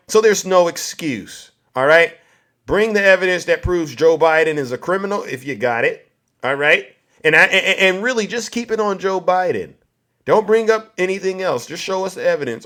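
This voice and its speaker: High-voiced preachy male stream host. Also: fairly bright tone. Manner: preachy, repeatedly asks "all right?" and "right?". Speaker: livestream talk show host. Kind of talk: combative political monologue.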